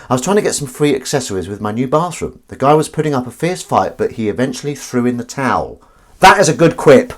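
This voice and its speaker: A man hosting a casual livestream while washing up, punning and mocking himself as he chats to viewers. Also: medium pitch. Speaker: livestream host. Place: home kitchen.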